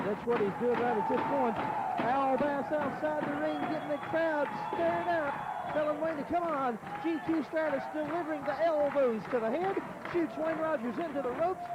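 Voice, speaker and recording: A man calling a wrestling match play by play in a folksy, excited way. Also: very high voice, normal speed, muffled recording, very noisy. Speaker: wrestling commentator. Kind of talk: play-by-play commentary.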